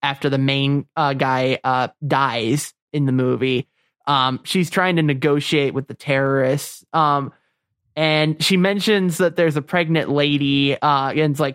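A man co-hosting a podcast in casual chat, enthusiastic and halting, with frequent fillers. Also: medium pitch, steady tone, fairly bright tone, clear, resonant tone, no room sound, studio quality. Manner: enthusiastic, hesitant with many fillers. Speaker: podcast co-host.

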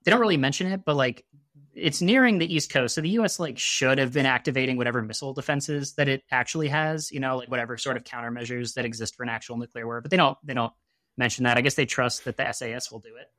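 A man's voice: medium pitch, fast, sharp tone, no echo, clean studio sound. A man in casual chat, telling a long story in a rambling way, full of fillers and restarts, and laughing at his own jokes. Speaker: podcast guest.

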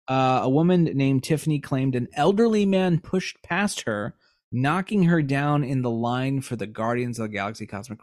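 A man's voice: mid-range voice, darkish tone, dry recording, clean studio sound. A young man co-hosting a podcast, telling a news story with sarcastic jokes and losing his voice. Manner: joking, sarcastic asides. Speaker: podcast co-host. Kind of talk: casual chat, reading a news story.

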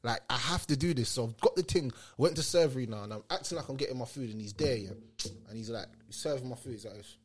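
A man's voice: medium pitch, quick pace, few pauses. A man chatting casually as a guest, telling a story in heavy street slang and acting out what others said. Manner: animated storyteller, heavy street slang, acts out quoted voices. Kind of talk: casual chat.

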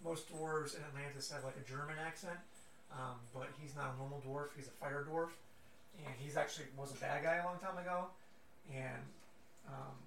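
A man's voice: mid-range voice, fairly bright tone. A man narrating as game master of a tabletop game, rambling with fillers and restarts. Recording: echoey room from far off with faint noise.

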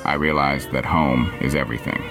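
A very deep, gravelly celebrity voice, reading a sentimental poem slowly and grandly. The pitch rolls up and down with feeling, and loud music plays behind it. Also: male voice, fairly even intonation. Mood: solemn, sentimental. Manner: slow, solemn, grandiose. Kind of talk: comic impression reading a poem. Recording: loud music bed under the voice.

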